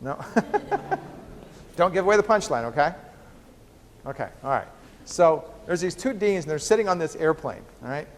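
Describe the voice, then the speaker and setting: A man's voice: a little high, lively intonation, normal speed, long pauses, a little hiss or hum. A man who is a biochemistry professor, giving a joking university lecture full of rhetorical questions to the class. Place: lecture hall. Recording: reverberant lecture hall.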